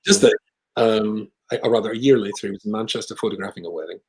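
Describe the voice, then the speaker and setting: A man with a British accent, a rabbi telling a long personal story in conversation, with lively asides. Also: fairly low pitch, quick pace, low-quality recording. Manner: animated anecdotal storyteller with asides.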